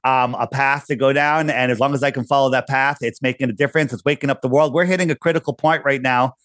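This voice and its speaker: A man's voice: medium pitch, steady tone, fast, a bit bright, no echo, clean studio sound. A middle-aged man talking casually as a podcast guest, telling stories and acting out quoted voices. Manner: storytelling, acts out quoted voices. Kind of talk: casual conversation.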